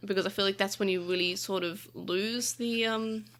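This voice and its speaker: A woman's voice: mid-range voice, steady tone, normal speed, a bit bright. A woman co-hosting a casual podcast discussion, talking through her thoughts with fillers and restarts. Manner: chatty, thinks aloud with many fillers and restarts. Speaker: podcast co-host.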